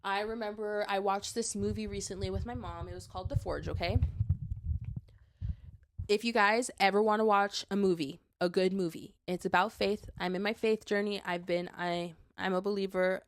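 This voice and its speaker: A woman's voice: mid-range voice, steady tone, moderate pace. A woman in her twenties hosting a solo podcast, chatting earnestly and handing out advice with lots of likes and restarts. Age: 20s. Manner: urging, advice-giving. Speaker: podcast host. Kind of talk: casual solo podcast talk.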